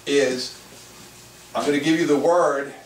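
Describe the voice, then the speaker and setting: Male spiritual teacher addressing a small room, somewhat high-pitched, recorded from across the room. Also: fairly even intonation, unhurried. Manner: repetitive, asks rhetorical questions. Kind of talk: workshop teaching to a live audience. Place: room with a small live audience. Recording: echoey room, mic far off, faint noise.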